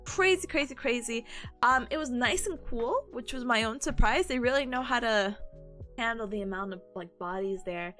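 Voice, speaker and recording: A woman's voice: fairly high pitch, moderate pace, a bit bright, soft background music. A woman streamer chatting casually and telling stories in a bubbly, giggly way, her voice a little worn from hours of talking. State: voice tired from long talking. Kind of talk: casual chat.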